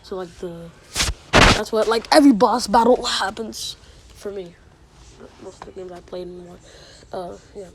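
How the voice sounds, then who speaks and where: A woman rambles through a made-up fantasy story in a casual, unscripted way, full of fillers and restarts. Her voice sits at an ordinary middle pitch, and faint background noise runs under her. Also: moderate pace, pauses often.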